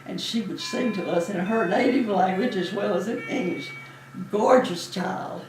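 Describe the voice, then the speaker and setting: A woman in her eighties who once served as a Navy nurse shares memories in an interview, her mid-range voice at normal speed. The recording is from a distant mic in an echoey, noisy room, and she tells stories chattily and warmly, laughing often.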